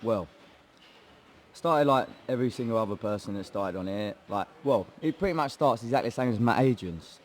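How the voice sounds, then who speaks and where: Animated and brisk, with a darkish medium-pitched voice, a young English man from Hertfordshire who fights MMA explains in a casual interview how he took up training. The tale is chatty and laddish, full of swearing and acted-out quotes.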